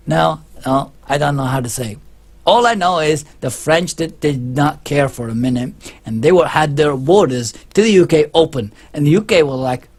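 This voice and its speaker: A man's voice: mid-range voice, husky. A man talking to camera in a casual opinion vlog, rambling and emphatic, with many restarts. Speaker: vlogger.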